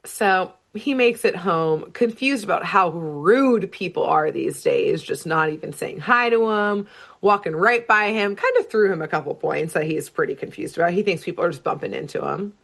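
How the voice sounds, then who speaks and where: A woman co-hosting a podcast, recapping a cartoon episode in casual, animated storytelling with lots of "like". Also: on the low side, moderate pace, gravelly. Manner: animated storytelling with frequent laughs and "like". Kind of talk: casual chat.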